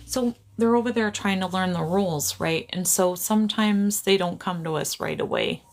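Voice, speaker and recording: Woman, psychic medium, casual livestream chat, gravelly voice, apologetic, laughs a lot. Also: fairly low pitch. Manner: laughs often, keeps apologizing, easily sidetracked. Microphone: camera on a tripod.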